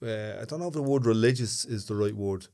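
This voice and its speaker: A man with an Irish accent trades jokes and gentle teasing on a casual podcast. He laughs often and keeps the talk light as a co-host. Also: lowish voice, quick pace. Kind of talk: casual banter.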